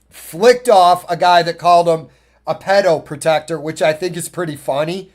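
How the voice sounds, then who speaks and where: A man's voice: a little high, moderate pace. A man hosting a podcast, delivering a blunt, profane, opinionated monologue and telling stories in a ranting, casual way. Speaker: podcast host.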